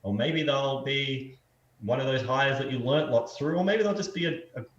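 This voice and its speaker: A man's voice: medium pitch, moderate pace. A man co-hosting a podcast, telling a story in a casual, reflective way and often restarting his sentences. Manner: storytelling, reflective, repeats words when starting sentences. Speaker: podcast co-host. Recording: roomy, distant, dull sound.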